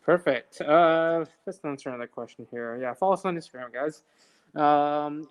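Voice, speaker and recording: A man's voice: on the high side, normal speed, clean tone. A man co-hosting a live knife sharpening stream, reading out viewer questions and agreeing often, with plenty of "uh" and "um". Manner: hesitant, lots of "uh" and "um", agreeable. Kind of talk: casual live-stream chat. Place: knife shop.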